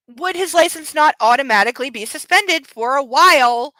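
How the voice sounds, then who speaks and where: A woman's voice: high voice, expressive, moderate pace, few pauses, bright, forceful tone, no echo, rough recording. A tired woman hosting a book club show in casual chat, rambling and candid, swearing freely.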